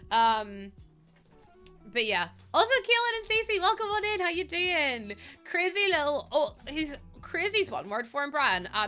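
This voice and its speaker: A woman's voice: on the high side, bright, forceful tone. A young woman streaming while she plays a building game, rambling in casual chat with lots of fillers and the odd swear word. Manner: rambling and chatty, with many fillers, swearing freely.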